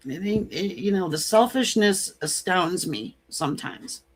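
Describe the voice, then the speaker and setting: A woman tarot reader talking to her live-stream viewers in an unhurried, drawn-out way. She is chatty and frank and breaks into laughter between her points. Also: on the low side, lively intonation, breathy edge. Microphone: computer mic on a live stream.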